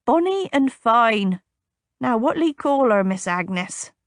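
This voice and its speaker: A woman's voice: on the high side, very animated, takes it slowly, dry recording, clean studio sound, exaggerated voice. A woman voicing a folksy old stableman. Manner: folksy rural dialect. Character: old country stable hand, sage and folksy. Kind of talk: audiobook character voice.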